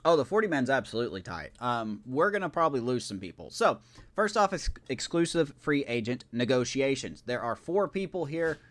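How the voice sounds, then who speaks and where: A man's voice: medium pitch, big pitch swings, fairly quick, fairly bright tone. A man streaming a video game live, talking casually in a rambling, self-correcting way and chatting with his viewers.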